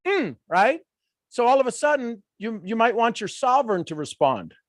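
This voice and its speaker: A man with a fairly high voice leads a live workshop session. He teaches in an animated way, slipping into quoted voices and laughing as he goes. The sound is close and dry. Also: a little fast, no room sound. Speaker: coach.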